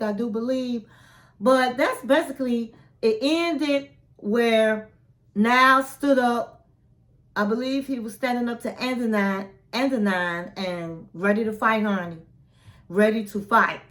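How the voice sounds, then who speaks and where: A woman with a fairly high voice gives a chatty recap of a reality show. She acts out each quote in an animated way. Between the quotes she adds blunt comments of her own. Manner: animated retelling, acting out quotes, chatty asides. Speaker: recap vlogger.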